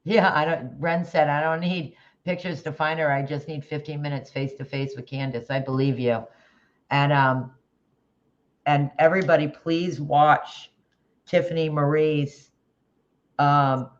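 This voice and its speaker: Greeting viewers in the chat by name, this livestream host chats loosely about a case, rambling and starting over mid-thought. Expect a mid-range voice and lo-fi audio.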